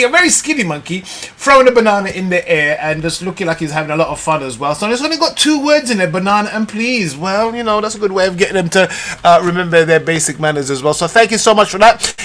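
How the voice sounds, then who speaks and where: A man with a fairly high voice hosts a radio talk show. He reads out listener messages in a relaxed, chatty way, often pausing on ums and uhs. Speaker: radio host.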